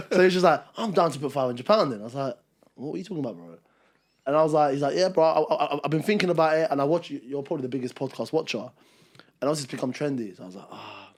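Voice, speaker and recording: Fast-talking young man. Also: medium pitch, a little mellow. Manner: rambling storyteller who acts out quoted dialogue. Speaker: podcast co-host. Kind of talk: casual chat.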